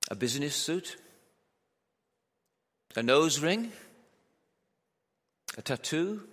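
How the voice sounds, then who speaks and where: A man's voice: on the high side, very animated, takes it slowly, fairly bright tone. A man preaching a sermon at a church camp in a conversational, joking way, asking his listeners lots of rhetorical questions. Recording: echoey hall with long reverb.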